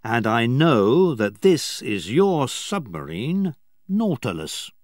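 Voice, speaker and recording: A man voicing a calm, bold leader of a group of castaways in a storybook, speaking firmly and with command. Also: medium pitch, takes it slowly, no echo, studio quality, voice pushed up. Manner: firm and commanding.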